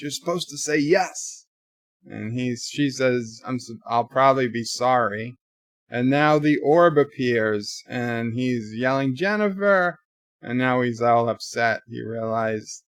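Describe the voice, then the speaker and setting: Slow, dry-voiced man retelling a show. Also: medium pitch, no echo. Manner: casual plot retelling with quoted lines and asides. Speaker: show reviewer. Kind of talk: live reaction commentary.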